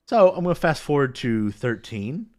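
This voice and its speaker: Lively, jokey male podcast host. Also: mid-range voice, moderate pace. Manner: laid-back, jokey and profane. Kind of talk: casual chat.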